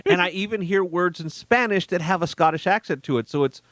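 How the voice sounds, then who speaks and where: A man chats on a casual podcast, joking and rambling as he goes. His voice sits a bit high, and the close mic gives a dry, roomless sound. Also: a bit bright, no echo. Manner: jokey, rambling, quick to laugh. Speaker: podcast co-host. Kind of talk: casual chat.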